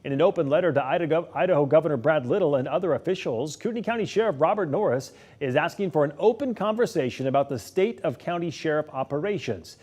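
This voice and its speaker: Man reading the late news. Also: a little high. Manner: steady, measured delivery. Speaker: news anchor.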